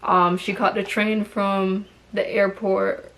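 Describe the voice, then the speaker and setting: A woman's voice: medium pitch, flat delivery, takes it slowly, a bit bright. Young woman, storytime vlog, chatty and slangy, mid-range voice. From Toronto, Canada. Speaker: vlogger.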